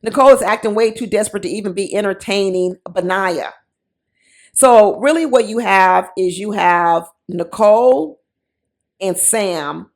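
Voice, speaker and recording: A woman's voice: mid-range voice, unhurried. A woman giving casual, sassy commentary on a reality show, mocking the people in it with quoted voices.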